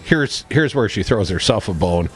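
A man's voice: on the low side, lively intonation, normal speed, slightly rough. A man co-hosting a political talk radio show, reading the news with sarcastic asides. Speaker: radio co-host.

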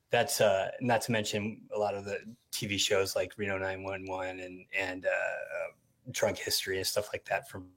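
A man's voice: lowish voice, a bit bright. A man talking as a radio show guest, enthusiastic and rambling with lots of fillers. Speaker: comedy channel staffer guest. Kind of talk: casual radio interview.

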